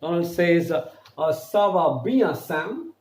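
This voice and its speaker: A man teaching a beginner French lesson. He spells words out letter by letter and repeats phrases slowly. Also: fairly high pitch, animated, echoey room. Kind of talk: online language lesson.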